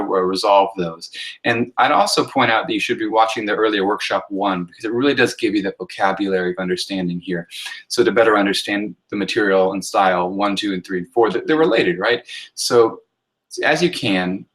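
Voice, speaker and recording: A man's voice: lowish voice, brisk, a bit bright, poor audio. A man, a writing instructor, talking through a recorded workshop lecture on sentence style in an explanatory way, often checking in with "right?" and using fillers.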